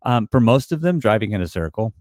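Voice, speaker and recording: A man's voice: on the low side, sing-song, a little mellow, dry recording, clean studio sound. A man hosting a veterans podcast, joking in casual chat. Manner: joking, rapid banter. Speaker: podcast host.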